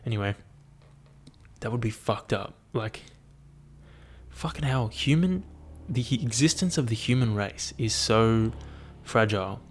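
A man's voice: medium pitch, measured pace, slight background noise. A young man, musing aloud in a casual, profane monologue full of fillers. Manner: profane, animated, thinks aloud with many fillers.

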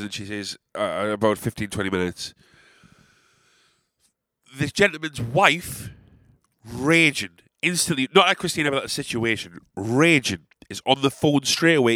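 A young Englishman with an English accent tells a story in a loose, rambling way, full of swearing and dry sarcastic asides. His voice sits at a middling pitch for a man. The recording is close and dry, with almost no room sound. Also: pushed and bright, dry recording. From England. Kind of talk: casual anecdote telling.

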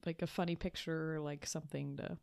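A woman's voice: low voice, little pitch movement, a little fast, vocal fry, darkish tone, no room sound, studio quality. A young woman co-hosting a casual chat podcast, laid-back, laughing easily and hedging her words. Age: young adult. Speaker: podcast co-host.

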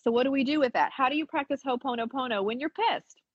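Husky higher-pitched woman, earnest and frank. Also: fast, no room sound. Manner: earnest, frank, emphatic, swears casually. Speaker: spiritual teacher. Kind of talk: casual podcast chat. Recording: dull lo-fi recording.

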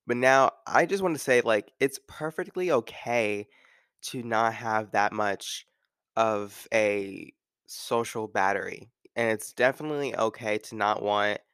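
Solo talk host: man, smooth voice, loose filler-heavy delivery, close and dry. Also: fairly low pitch, fairly bright tone, dry recording. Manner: rambling, filler-heavy with frequent "like". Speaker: podcast host.

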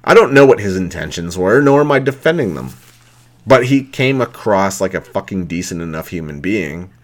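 Deep voiced guy ranting on his podcast, swears nonstop, mad and mocking. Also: sing-song, moderate pace. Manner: angry, heavy swearing, mocking quotes. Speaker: podcast host. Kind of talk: profane rant.

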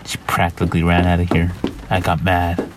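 A man's voice: low-pitched, monotone, normal speed, very noisy, lightly acted. A man voicing a haunted, bitter man who slides into terror, reading journal entries in a brooding, weary way.

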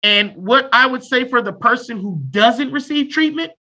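A man in his thirties, a therapist in casual conversation, talking loudly and bluntly with off-color jokes. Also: very high-pitched, normal speed. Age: 30s. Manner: loud and abrasive, blunt and joking.

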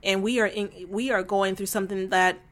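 A woman's voice: medium pitch, fairly even intonation, brisk. A woman talking casually to camera in a vlog, emphatic and exasperated, with lots of fillers. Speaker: vlogger.

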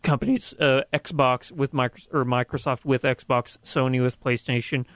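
A man co-hosting a podcast, explaining things in a steady casual way. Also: mid-range voice, normal speed, no room sound. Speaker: podcast co-host. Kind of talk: casual chat.

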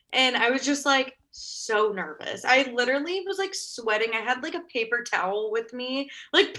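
A young woman in her twenties casually telling a story, full of fillers and quick laughs. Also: a little high, bright, forceful tone. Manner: chatty, full of "like" and "oh my God", laughs often.

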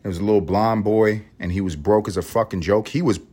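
A man hosting a solo podcast, ranting and rambling in a profane, animated way. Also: on the low side, fairly quick. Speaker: podcast host.

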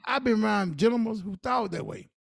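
A man's voice: sits high, brisk, creaky, breathy edge, no echo, clean studio sound. A man co-hosting a podcast, giving earnest, preachy advice in casual talk. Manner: earnest, preachy advice with Southern Black vernacular. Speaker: podcast co-host.

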